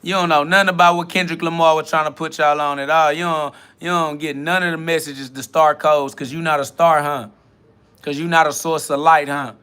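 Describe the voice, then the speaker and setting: A man hosting a self-talk podcast, preaching in a combative, mocking and profane way, racing through some lines and drawing others out slowly. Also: a little high, fairly even intonation, bright, forceful tone, smooth. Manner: shifts between rapid bursts and slow drawn-out emphasis. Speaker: podcast host.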